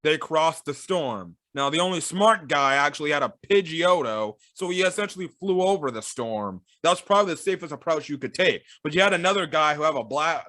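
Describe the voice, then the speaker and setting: A man's voice: a little high, expressive, fairly quick, few pauses, pushed and bright, no room sound, clean studio sound. A man giving a casual, rambling film review, full of fillers and sarcastic asides.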